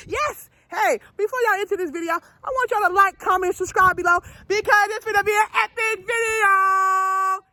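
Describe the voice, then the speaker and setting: A woman vlogging in her backyard, loud and playful, talking to camera and scolding her pet chicken. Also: very high voice, normal speed, few pauses, no room sound. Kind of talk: casual vlog talking to camera. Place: backyard outdoors.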